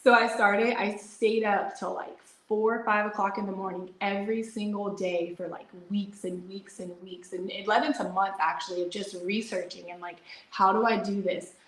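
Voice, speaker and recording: Chatty young adult woman, interview guest, animated storyteller, echoey room. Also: mid-range voice, moderate pace, few pauses. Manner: chatty, animated, frequent "like" fillers and laughs.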